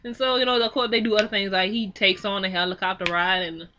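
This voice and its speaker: A young woman giving a casual film recap, animated and exclaiming, acting out the characters' lines in quick quoted bits. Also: medium pitch, slight background noise. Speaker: film reviewer. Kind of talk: casual movie recap and commentary.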